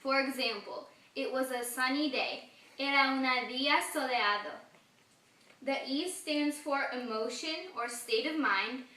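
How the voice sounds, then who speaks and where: Slow, high-voiced teen girl presenting. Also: sharp tone. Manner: slow, deliberate reading with small laughs. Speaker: student presenter. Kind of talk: reading a grammar lesson. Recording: echoey room, mic at a distance.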